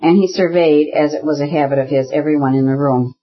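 A man reads a classic novel aloud in measured, even narration. His fairly high voice has a husky edge. The recording sounds dull and lo-fi. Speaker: audiobook narrator.

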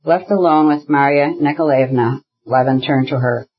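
Husky, measured audiobook narrator. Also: mid-range voice, muffled recording. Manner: steady, measured storytelling. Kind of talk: scripted narration of a classic novel.

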